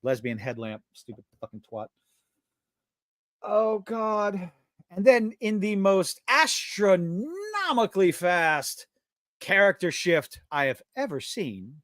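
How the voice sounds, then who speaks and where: Guy ranting on a live stream podcast, swears a ton, kinda high voice, dry close sound. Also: sing-song, slow, fairly bright tone, no room sound. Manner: profane, exasperated ranting. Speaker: podcast host. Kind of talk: live-stream show review rant.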